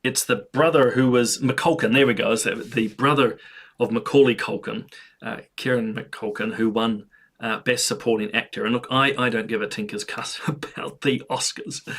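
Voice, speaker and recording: New male commentator, mid pitch, gravelly, earnest opinion host. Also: normal speed, fairly bright tone. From New Zealand. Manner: earnest, frequent fillers and restarts.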